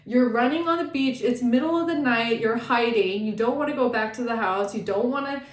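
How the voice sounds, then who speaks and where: A woman giving a casual tarot reading, animated and sassy, swearing often and acting out the people she talks about. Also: on the high side, a little fast, reverberant. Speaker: tarot reader.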